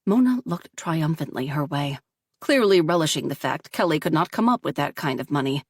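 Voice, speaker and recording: A woman reading a story aloud in steady, measured audiobook narration. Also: sits low, husky, no room sound, studio quality.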